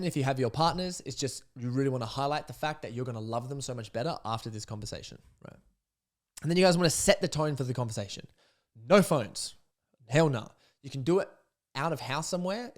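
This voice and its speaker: Brief: young man, podcast coach, quick and blunt, swears freely, mid-pitched. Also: a little mellow. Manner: blunt and profane, jokes, acts out sample dialogue. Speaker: podcast host, men's coach. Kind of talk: casual coaching monologue.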